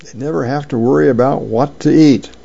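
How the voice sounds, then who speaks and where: A man's voice: mid-range voice, fairly even intonation, a little fast, vocal fry, warm tone, breathy edge, highs cut off. A man doing a musing old grandpa. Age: older.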